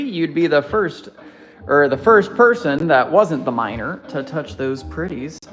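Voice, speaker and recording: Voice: mid-range voice, fairly bright tone. A live-stream crystal seller chatting casually through a sales show, gushing and jokey, reading comments aloud and greeting viewers by name.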